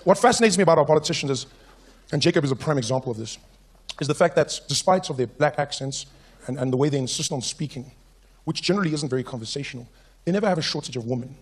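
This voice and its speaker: A young man with a South African accent doing stand-up comedy on stage, animated and slipping into mock-pompous voices. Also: fairly high pitch, fast talker, breathy edge. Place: comedy stage before a live audience.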